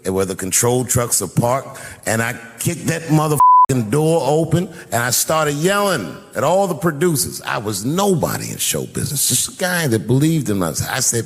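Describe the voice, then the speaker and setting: A middle-aged man telling a profane, animated story as a stand-up comedian. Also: medium pitch, normal speed, hardly any pauses, a little hiss or hum. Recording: live venue with long reverb.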